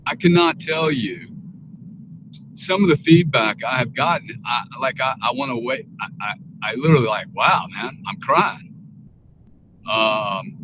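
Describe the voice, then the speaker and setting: A man's voice: medium pitch, background noise. A man speaking earnestly and rambling with many restarts as a guest on a casual live panel talk.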